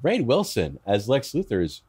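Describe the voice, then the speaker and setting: A man's voice: medium pitch, wildly swooping pitch, moderate pace, a little mellow, slightly rough. A man who is a guest on a podcast, talking casually in a chatty way with stammering restarts.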